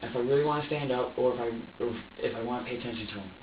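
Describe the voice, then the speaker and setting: A man's voice: mid-range voice, racing, slight background noise. A man under police interrogation, talking in an agitated, rambling way and swearing heavily. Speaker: interrogation suspect. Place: interrogation room. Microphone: distant room mic. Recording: dull echoey room audio from far off.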